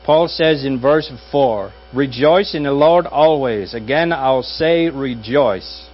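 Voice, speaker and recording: Pastor, man, wry conversational sermon delivery, muffled take with light hum. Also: medium pitch. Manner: conversational and wry, with dry jokes and pauses. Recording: dull audio with faint mains hum.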